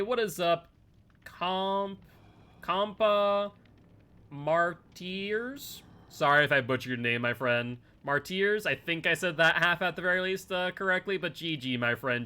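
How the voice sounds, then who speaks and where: Bright-voiced chatty male game streamer. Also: on the high side. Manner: chatty, reads chat aloud, playful teasing. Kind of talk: live game commentary and chat.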